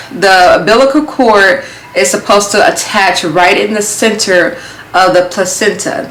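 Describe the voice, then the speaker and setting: A young adult woman telling a story in a casual vlog, animated and acting out her own thoughts as she goes. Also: fairly low pitch, a little hiss or hum. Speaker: vlogger. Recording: roomy echo.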